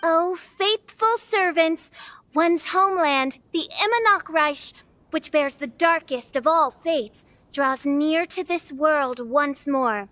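A pompous princess of doom. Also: female voice, high voice, slow pace, fairly bright tone, no echo. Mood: grandiose. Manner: archaic, pompous speech. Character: theatrical young princess who talks grandly. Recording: game audio with music behind.

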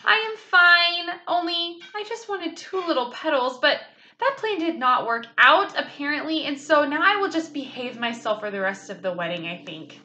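A woman voicing a chatty, bossy little girl of about six in a children's book read-aloud, loud and show-offy. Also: high-pitched, animated, normal speed, pitched above the performer's own voice. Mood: shaky.

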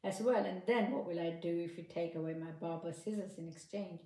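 A woman's voice: fairly low pitch, fairly quick, mellow, natural voice. A woman voicing a cautious, apologetic male barber in a children's storybook. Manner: reluctant, apologetic. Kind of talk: storybook narration. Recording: echoey room.

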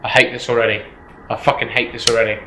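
A man's voice: mid-range voice, little pitch movement, quick pace, bright, forceful tone, reverberant, slight background noise, rough recording. A man commentating a horror game, jittery, swearing and repeating himself. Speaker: gameplay streamer.

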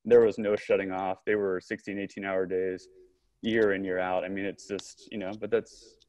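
Low-voiced man telling a story. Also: moderate pace. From Southern California. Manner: animated storyteller, frequent restarts and quoted dialogue. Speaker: podcast guest, company co-founder. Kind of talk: storytelling in a conversational interview.

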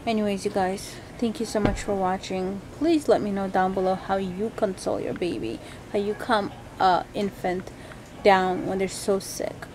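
A woman's voice: mid-range voice, steady tone, normal speed, a little mellow, a little hiss or hum, poor audio. A tired woman talking casually to her viewers at home about her sick baby, rambling and chatty. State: tired, unwell. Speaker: vlogger mother. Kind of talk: casual home vlog chat. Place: home at night.

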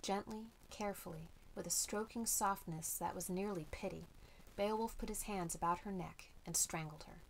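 A woman narrating a storybook in a steady, measured reading voice. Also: lowish voice, vocal fry, slight background noise, rough recording. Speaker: audiobook reader.

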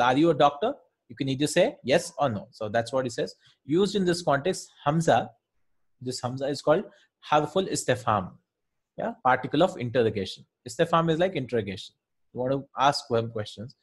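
A man's voice: mid-range voice, slightly rough. A man teaching an Arabic grammar lesson in English, informal, repeating words and often checking with "right?". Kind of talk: casual online lesson.

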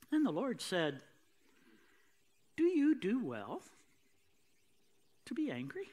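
A man's voice: high voice, wildly swooping pitch, slow, pauses often, a little mellow. A male pastor preaching a sermon with an emphatic, repetitive cadence.

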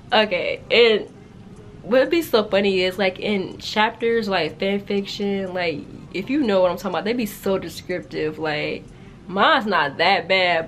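A young woman casually reacting to and reading her old writing aloud, animated and slangy, with frequent laughter in her delivery. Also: mid-range voice, a little hiss or hum. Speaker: YouTuber.

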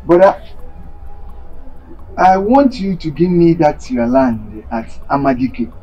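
High lively voice, nigerian accent, a pleading scheming brother, faint music. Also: male voice, slow, dull audio. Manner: wheedling, repeats "brother" with sharp pitch swings. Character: greedy, pleading man after his brother's land. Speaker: scheming younger brother, chief.

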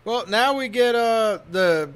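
A man's voice: high-pitched, animated, slow pace, fairly bright tone. A man co-hosting a casual movie podcast, recapping the plot step by step. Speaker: podcast co-host.

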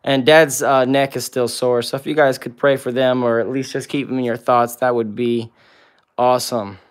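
A man's voice: mid-range voice, fairly even intonation, normal speed. A man hosting a casual livestream with viewers, answering comments one by one and cooing baby talk at his pets. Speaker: pet vlog host.

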